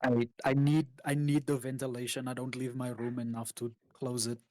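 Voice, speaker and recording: Wry man, mid-pitched, swears casually, dry close recording, casual voice chat. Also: little pitch movement, moderate pace, darkish tone, dry recording.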